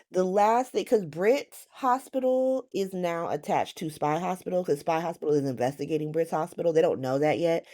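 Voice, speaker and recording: A woman's voice: rumbling low, warm tone. A woman hosting a casual soap opera recap vlog, sassy and slangy, swearing freely and quoting characters with animation.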